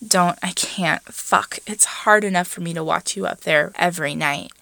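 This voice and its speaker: A woman reading a story aloud voices an eager young man, a bassist, with breathless, half-whispered pleading lines. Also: moderate pace, gravelly, bright, forceful tone, no echo.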